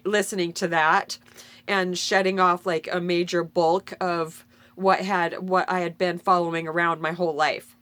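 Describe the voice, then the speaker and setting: A woman's voice: mid-range voice, fairly bright tone, no room sound. A middle-aged woman speaking in a medium voice, recounting a personal story with earnest, spiritual feeling. She rambles a little and often backtracks to correct herself. The recording is close and dry, with no room sound. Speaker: vlogger sharing a personal story.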